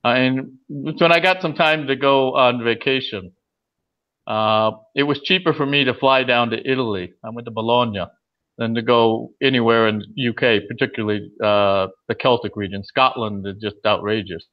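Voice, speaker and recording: Male guest, casual storyteller, halting with fillers, dull lo-fi recording. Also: medium pitch, fairly even intonation. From California. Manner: hesitant, many uh fillers and restarts. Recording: dull lo-fi audio.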